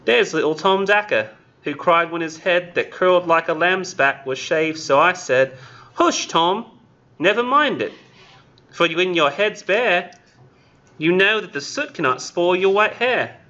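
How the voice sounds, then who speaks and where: A man's voice: high voice, animated, a little slow, bright, forceful tone, muffled recording, pitched above the performer's own voice, full character voice. A man reading a poem aloud in a put-on British accent as a tiny young boy chimney sweep, in a sing-song nursery-rhyme lilt that drifts toward Australian. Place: classroom.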